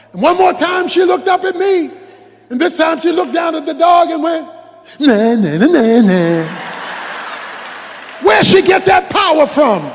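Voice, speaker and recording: An older man preaching a sermon, impassioned and shouting for emphasis. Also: extremely high pitch, in a large hall. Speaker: pastor.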